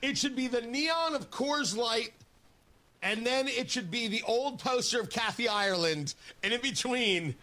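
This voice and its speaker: A man hosting a morning radio show, bantering in a playful, teasing way and hamming up a mock sales pitch. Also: unhurried, sharp tone.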